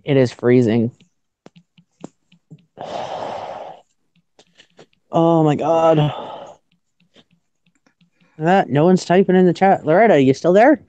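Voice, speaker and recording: A Canadian woman with a low, warm voice hosts a casual livestream outdoors in freezing weather, speaking slowly with frequent pauses. She shivers and stutters from the cold, giggling and joking at her own expense; the audio is dry, with the highs cut off.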